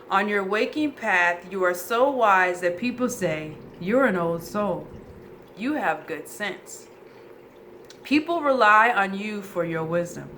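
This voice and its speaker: A woman reads oracle cards to camera in a loose, chatty way, goofy and quick to curse. Her voice sits at a middle pitch for a woman. A faint background noise stays under the whole recording. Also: fairly bright tone. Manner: goofy, chatty, swears freely, addresses viewers as y'all. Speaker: tarot reader. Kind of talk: casual oracle card reading to camera.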